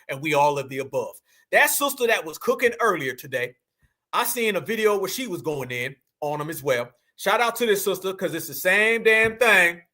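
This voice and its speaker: A man's voice: a little high, pushed and bright. A man from the United States giving a heated, profane commentary monologue full of slang and emphatic repetition. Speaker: commentary channel host.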